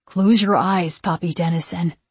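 Woman doing a calm, soothing male ghost. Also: fairly low pitch, moderate pace, slightly rough, no echo. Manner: serious, soothing.

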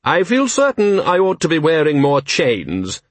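A calm, politely ironic ruler of a city, as a man reads him, his voice lifted a little above the reader's own. He speaks smoothly and unhurriedly, with a faint husky grain and a close, dry sound. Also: on the high side, unhurried, dry recording, pitched above the performer's own voice, exaggerated voice. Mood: wry.

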